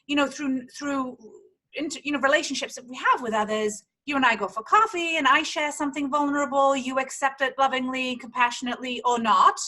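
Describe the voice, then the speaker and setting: A woman podcast host who chats casually and warmly encourages her guest to keep sharing. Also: high-pitched, a little fast. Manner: encouraging, affirming interviewer.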